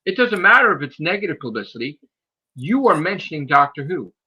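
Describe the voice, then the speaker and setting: Excitable, swearing man host. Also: a little fast, husky. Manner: excitable, profane, mimics people in high voices. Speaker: podcast host. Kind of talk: heated casual podcast rant.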